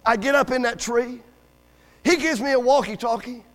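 High-voiced preacher man telling folksy stories. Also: moderate pace, long reverb tail. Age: adult with school-age kids. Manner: folksy, joking storyteller with call-and-response amens. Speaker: guest preacher. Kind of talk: sermon. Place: church sanctuary.

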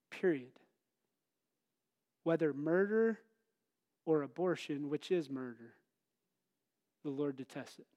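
A middle-aged man preaching a conversational sermon, asking the congregation questions and telling personal stories with bursts of loud emphasis. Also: fairly high pitch, takes it slowly, pauses often. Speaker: pastor.

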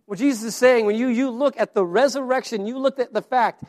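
A man's voice: very high-pitched, brisk, darkish tone. A man preaching a sermon, earnest and story-driven, often repeating his words as he goes. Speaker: pastor.

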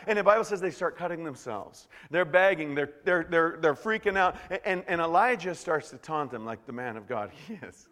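Animated male preacher in a reverberant hall. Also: on the high side, brisk, few pauses. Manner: animated, swings from hushed to loud. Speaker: pastor. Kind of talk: sermon.

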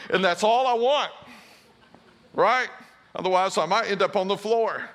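Bright, high-voiced male pastor. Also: expressive, moderate pace. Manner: storytelling, self-deprecating humor. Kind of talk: sermon.

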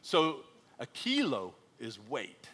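A middle-aged American missionary tells stories to a church congregation, animatedly acting out the quoted lines in a joking voice. He speaks slowly in a medium-pitched, slightly rough voice.

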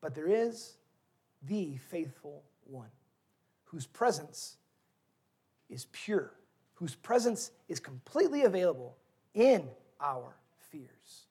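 A man's voice: a little high, big pitch swings, slow, pauses often, warm tone, breathy edge. Guy pastor in his 30s preaching, earnest, lots of ups and downs in emphasis. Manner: earnest storytelling with varied emphasis. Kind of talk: sermon.

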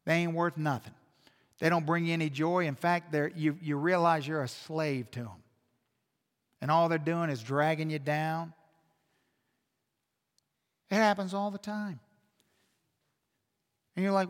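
A fairly high-voiced man preaching a sermon, his storytelling sinking to near-hushed tones before climbing back to emphatic peaks. He is speaking in a church sanctuary, and a long reverb trails after each phrase. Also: measured pace, long pauses. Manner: animated storytelling, dropping to a hush then building loud. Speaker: pastor.

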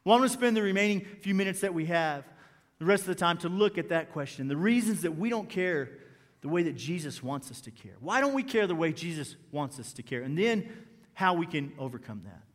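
High-voiced male pastor in a reverberant hall. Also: lively intonation, fairly quick. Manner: conversational, repeats key phrases, asks the room questions. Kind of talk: sermon.

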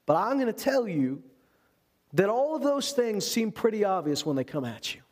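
A man with a notably high voice preaches a sermon. He speaks with lively, animated conviction and slips into playful, self-deprecating humor between the earnest points. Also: normal speed. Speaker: pastor.

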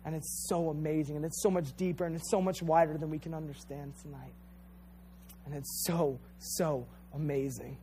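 A man's voice: a little high, fairly even intonation, normal speed, warm tone, slight background noise. A man preaching a sermon in an earnest, emphatic way. He repeats phrases and speaks directly to his listeners. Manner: addresses listeners directly as "you guys".

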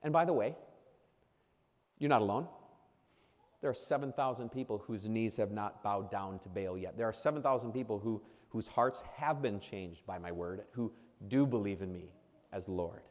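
A man's voice: on the low side, normal speed, darkish tone, in a large hall. A man preaching an earnest sermon to new ministers, hammering points through repetition, with frequent restarts. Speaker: pastor addressing new ministers.

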